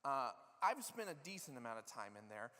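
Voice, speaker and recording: A man's voice: mid-range voice, sing-song, fairly quick, sharp tone. A middle-aged man preaching a sermon as pastor, telling the story in a casual, joking way with many asides. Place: church sanctuary. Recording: long reverb of a church hall.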